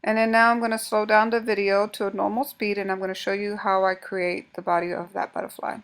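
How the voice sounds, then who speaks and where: A woman's voice: mid-range voice, little pitch movement, a little fast. A woman hosting a craft tutorial, explaining each step casually while she works, often restarting her sentences. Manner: casual, talks while working, frequent restarts.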